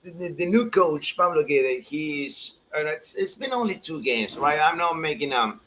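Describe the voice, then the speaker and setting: A man co-hosting a soccer show in a casual, animated chat, laughing often and restarting his sentences. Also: on the high side, normal speed, slight background noise, low-quality recording.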